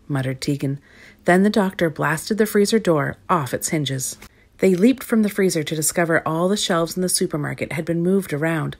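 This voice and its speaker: A woman reading a children's story aloud with lively expression. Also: sits low, moderate pace, vocal fry.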